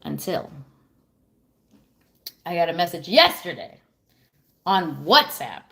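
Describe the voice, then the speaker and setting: A woman's voice: lowish voice, very animated, slow, vocal fry, pushed and bright. A woman in her thirties chatting casually on a livestream, telling a rambling, profane story and answering viewers. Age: 30s. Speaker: streamer.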